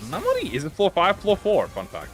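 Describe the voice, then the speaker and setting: A man giving casual gameplay commentary, playful and excitable, swearing freely and talking back at the game. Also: high voice, fairly quick, music in the background. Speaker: gaming channel host.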